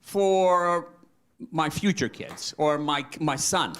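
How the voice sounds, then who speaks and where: Older guy rambling thru a story at church, kinda high voice, keeps stumbling. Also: fairly bright tone, clear, resonant tone. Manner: rambling, halting, quotes his son aloud. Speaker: congregant asking a question. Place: church meeting room.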